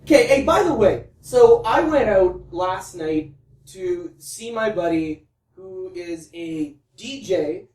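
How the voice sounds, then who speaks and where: A man co-hosting a podcast in casual chat, an animated storyteller who gets excitable. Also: high-pitched, slow. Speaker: podcast co-host. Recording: echoey room, distant mic.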